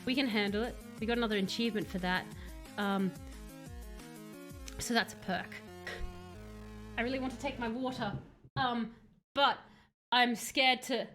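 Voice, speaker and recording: A woman's voice: fairly high pitch, fairly even intonation, moderate pace, long pauses, over music. A woman streaming a horror game live, chatting jumpily to her viewers as she plays at her computer at home. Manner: jumpy, chatty, talks to chat. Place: home room, playing at a computer.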